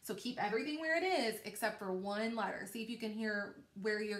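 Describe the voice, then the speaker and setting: Woman teacher, phonics lesson for kids, bright voice, encouraging, stretches sounds, echoey room. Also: fairly high pitch, lively intonation, normal speed, hardly any pauses. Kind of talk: recorded phonics lesson for young children.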